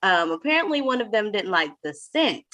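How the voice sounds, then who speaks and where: A woman hosting a casual video-call chat, telling a story in an animated way and laughing as she goes. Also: mid-range voice, brisk. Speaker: podcast host.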